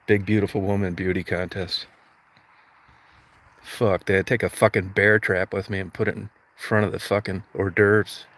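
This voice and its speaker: A man's voice: low-pitched, little pitch movement, moderate pace, a bit bright. A man hosting a livestream, ranting crudely with constant swearing and mock outrage. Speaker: livestream host. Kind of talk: profane comedic rant.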